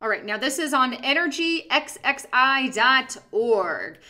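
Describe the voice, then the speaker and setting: A woman's voice: high voice, very animated, measured pace, pushed and bright. A young woman commenting on political documents she scrolls through on screen, emphatic and sarcastic, with fillers and slips.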